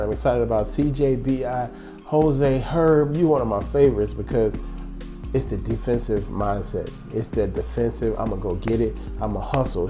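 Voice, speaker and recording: A man hosting a casual basketball fan show, rambling and joking as he goes. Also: mid-range voice. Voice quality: animated, rambling, joking banter. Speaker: sports vlog host.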